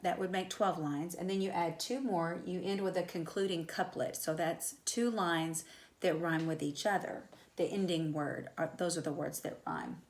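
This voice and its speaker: A woman with a fairly low voice gives a recorded English lesson. She explains patiently and step by step, leaning on "um" and "so" as she goes. The sound is roomy, with clear echo around her. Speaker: high school English teacher. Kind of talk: recorded classroom lecture.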